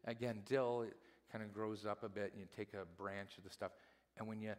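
A male pastor preaching a sermon in a church, telling stories with animated delivery and acting out the people he quotes. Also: on the low side, brisk. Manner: animated storytelling, acts out quotes. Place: church sanctuary. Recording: long hall reverb in a church.

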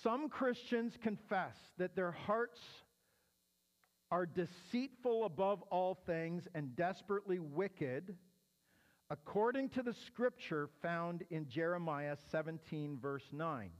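A man's voice: high-pitched, takes it slowly, long reverb tail. A man teaching as a pastor answering questions, explaining step by step and often checking in with "right?". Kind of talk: teaching sermon.

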